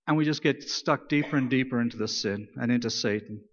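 A man's voice: mid-range voice, fairly quick, big-room sound, muffled recording. A man preaching a sermon in a church, telling a folk tale in a casual, joking way. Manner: conversational, joking, animated storyteller. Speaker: pastor. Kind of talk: sermon with storytelling.

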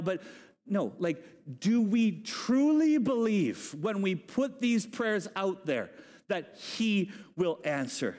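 A male pastor delivering a lively, joking sermon with a high voice. His talk is loose and conversational, and it carries a long reverb from a large hall. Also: slow pace. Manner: animated, humorous, conversational.

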